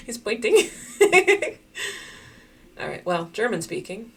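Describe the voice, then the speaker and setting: A woman giving casual, chatty commentary while playing a geography guessing game, thinking out loud and laughing often. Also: a little high, very animated, slow, pauses often, slightly rough. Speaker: game streamer.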